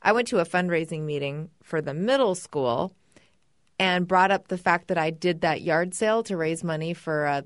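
A woman and mother chatting casually on a podcast, telling a relaxed personal story. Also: on the low side, moderate pace, no echo, clean studio sound. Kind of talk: casual chat.

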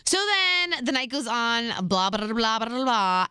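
A woman's voice: a little high, measured pace, hardly any pauses, sharp tone, clear, resonant tone, dry recording, studio quality. A young woman in a casual storytime vlog, retelling events in a chatty, slangy way full of asides. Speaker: vlogger.

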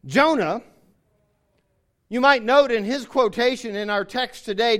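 A man preaching a sermon, explaining scripture and reading passages aloud with emphasis. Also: high-pitched. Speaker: pastor.

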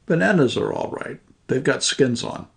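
A man's voice: medium pitch, huge pitch swings, normal speed, gravelly, voice pushed up, full character voice. A man voicing an irritable thirty-eight-year-old traveller who talks tersely and with exasperation. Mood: grumbling.

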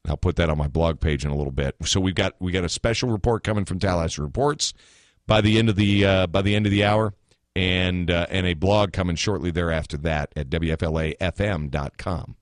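A man's voice: low-pitched, fairly quick, no room sound. A man hosting a talk radio show, giving blunt, opinionated commentary with sarcastic asides from a studio mic.

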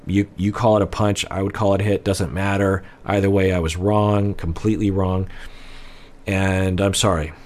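Low-voiced man giving measured commentary. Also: little pitch movement, a little mellow, slight background noise. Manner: measured, analytical. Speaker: relationship counselor. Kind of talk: reaction commentary.

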